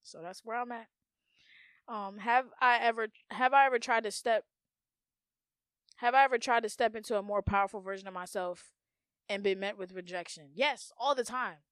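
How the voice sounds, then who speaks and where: A young woman hosting a solo podcast, talking candidly in profane slang, dropping to hushed murmurs, then bursting out loud, and repeating words in rhythmic runs. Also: on the high side, normal speed, long pauses, clear, resonant tone, no echo, clean studio sound. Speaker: podcast host.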